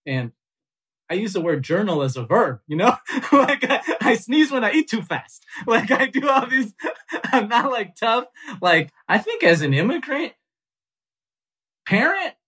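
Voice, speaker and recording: Animated storytelling man, laughing easily. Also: extremely high pitch, a little slow, pauses often. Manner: animated, self-mocking, laughs often, loose with fillers. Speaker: comedian guest. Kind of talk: storytelling in a podcast interview.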